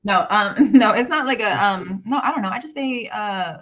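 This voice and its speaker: A woman's voice: mid-range voice, moderate pace, a bit bright. Giggly woman from Maryland. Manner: giggly, rambling with fillers. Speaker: guest wrestler. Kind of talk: casual podcast chat.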